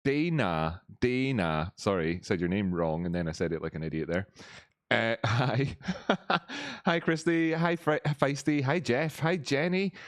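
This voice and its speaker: Male streamer with a voice changer on, chatty, mid pitch, dry sound. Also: lively intonation, a little slow, dry recording. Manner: chatty, greets viewers, laughs often. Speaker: live-stream host. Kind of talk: casual live-stream chat.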